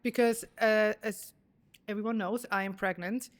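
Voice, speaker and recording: A young adult woman hosting an interview podcast, chatty and casual with quick reactions. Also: medium pitch, fairly even intonation. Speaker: podcast host.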